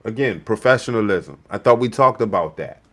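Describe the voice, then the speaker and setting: A man's voice: fairly low pitch, lively intonation, brisk, fairly bright tone. Heated, profane male commentator. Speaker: show host reacting to clips. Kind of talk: livestream commentary.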